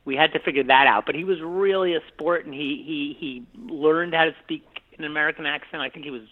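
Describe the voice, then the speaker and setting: Here a film director speaks a little quickly in a highish voice with fairly even intonation, chatting about his work in an informal interview. He meanders with many fillers and restarts, and the sound is tinny, like a phone line.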